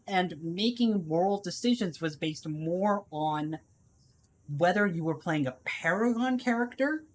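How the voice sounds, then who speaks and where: A woman streaming a video game, chatting casually and rambling with lots of fillers. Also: lowish voice. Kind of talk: casual gameplay commentary.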